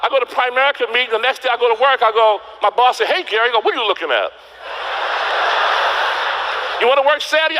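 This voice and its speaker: A man giving a motivational seminar speech, telling stories animatedly and acting out quotes with loud exclamations. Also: very high-pitched, big pitch swings, fast, long pauses, background noise. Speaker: motivational speaker.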